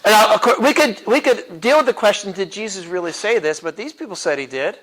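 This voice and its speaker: A man's voice: high-pitched, lively intonation, fairly quick, a bit bright, low-quality recording. A man teaching a church apologetics class in a casual, chuckling way, with many fillers and restarts. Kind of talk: classroom lecture.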